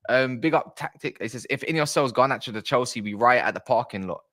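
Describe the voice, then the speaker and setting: He's a fast talker with a mid-range voice, hosting a football livestream from South East London. Chatty throughout, he reads the chat out loud and shouts out viewers in relaxed stream talk.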